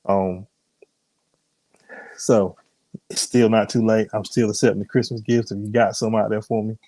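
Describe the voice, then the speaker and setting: A man's voice: on the low side, level tone, moderate pace, warm tone, no room sound. A man hosting a live ministry broadcast while sick, his voice strained; he chats casually, greets viewers by name, then prays and preaches. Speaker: host and minister. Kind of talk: live-streamed sermon and chat.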